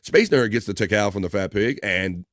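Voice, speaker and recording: A man's voice: fairly low pitch, normal speed, a bit bright, no echo, studio quality. A man hosting a live stream, loosely chatting, swearing casually and reading out viewer comments.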